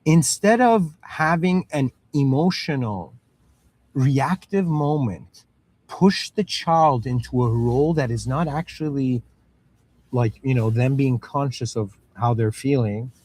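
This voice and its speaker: A man's voice: medium pitch, slow, darkish tone. A man in his thirties with Middle Eastern roots giving a casual spoken lecture, full of "you know" and "okay", acting out little dialogues. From Middle East. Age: 30s. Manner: acts out parent and child voices.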